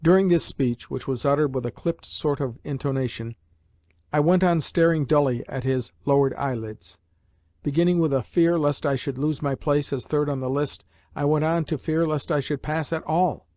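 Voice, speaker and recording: Measured male audiobook narrator, dry sound. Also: on the high side, warm tone, no room sound. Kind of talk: scripted narration.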